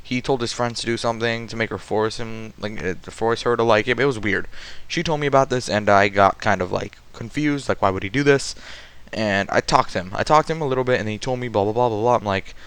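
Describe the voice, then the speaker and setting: A man's voice: mid-range voice, lively intonation, brisk, fairly bright tone. A young man telling a rambling school story in a casual vlog, full of fillers and restarts. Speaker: vlogger.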